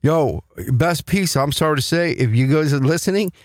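A man co-hosting a podcast in casual chat, loud and blunt, swearing freely. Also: fairly high pitch, normal speed, dry recording, clean studio sound. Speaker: podcast co-host. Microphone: studio mic.

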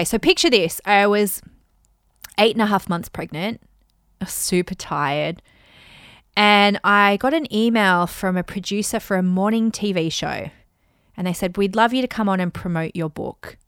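A woman's voice: medium pitch, a bit bright, clear, resonant tone, no echo, clean studio sound. A woman in her thirties from Australia, hosting a solo podcast and telling personal stories, acting out her own quoted thoughts. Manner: chatty storytelling with acted-out quotes. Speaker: podcast host.

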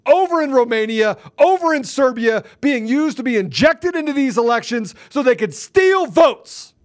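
An agitated man, a guest on a talk show, ranting angrily and forcefully, often repeating himself. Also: very high-pitched. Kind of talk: heated political rant.

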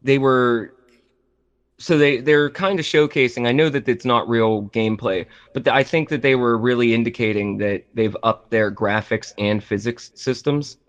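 On a gaming podcast, a man chats casually about games, rambling with plenty of fillers and restarts. His mid-range voice is steady in tone at a normal speed, and the lo-fi recording sounds slightly dull.

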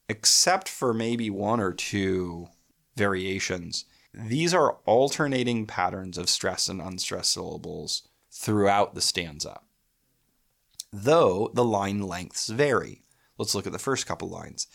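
A man's voice: low voice, lively intonation, takes it slowly, gravelly, fairly bright tone. A man hosting a podcast, explaining poetic meter in a thoughtful, analytical way and reading verse aloud. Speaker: podcast host.

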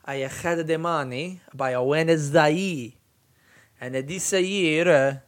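A man's voice: fairly high pitch, slow pace. Sweary Australian man telling a story. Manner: animated, sweary, rambling. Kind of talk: comic storytelling.

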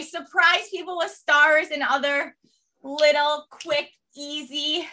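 A woman's voice: high voice, steady tone, slow pace, bright, forceful tone, far from the mic. A woman leading a guided movement and mindfulness class, upbeat and encouraging as she cues movement and breathing. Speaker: fitness class instructor.

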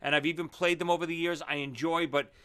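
A man's voice: on the high side, steady tone, fast talker, a loud crowd. A man co-hosting a casual talk show, blunt and opinionated, often restarting his sentences. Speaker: podcast co-host. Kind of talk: casual chat.

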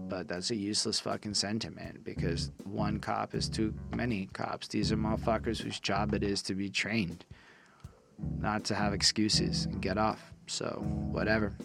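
A young man from Quebec giving a casual, profane review of a rap album, excitable and self-deprecating. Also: lowish voice. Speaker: music reviewer. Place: his room.

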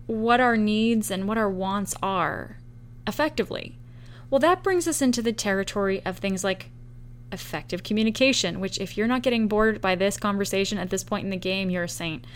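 A woman hosting a solo podcast, explaining her points in a relaxed, conversational way and acting out short example quotes. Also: mid-range voice, moderate pace. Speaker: podcast host. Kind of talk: solo podcast talk on relationships.

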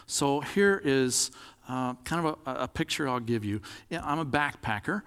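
A man's voice: mid-range voice, big-room sound. A man preaching a sermon in a conversational, demonstrative way, acting out examples as he talks.

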